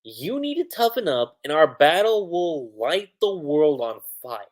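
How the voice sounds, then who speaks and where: A man's voice: on the high side, very animated, a little slow. A man doing a cocky taunting dragon. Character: taunting male fire dragon, cocky and menacing.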